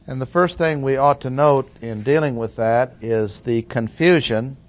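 A preacher with a medium-pitched, unhurried voice works through a Bible passage verse by verse. He stresses key words and adds plain-spoken asides.

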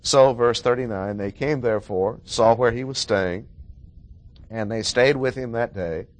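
A man's voice: mid-range voice, measured pace. A man preaching a sermon, explaining a Bible passage with emphatic repetition of key words.

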